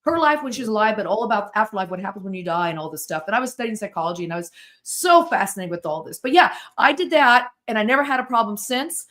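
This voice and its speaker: An American woman in her sixties talks very quickly as a podcast guest. She tells her stories in an animated way and acts out dialogue and sounds as she goes. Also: mid-range voice. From United States. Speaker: guest, spirit-board author and therapist. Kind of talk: storytelling in a podcast interview.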